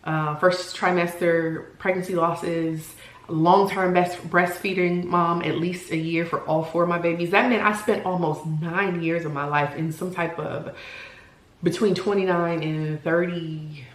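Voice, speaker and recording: A woman in her forties who talks candidly and earnestly in a personal vlog, often pausing to search for words. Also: lowish voice, fairly even intonation, reverberant. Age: 40s. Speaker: vlogger.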